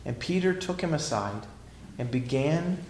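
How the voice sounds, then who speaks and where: A male pastor preaching a sermon emphatically, swinging between loud declarations and hushed lines. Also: fairly high pitch, animated, a little slow, echoey room, a little hiss or hum.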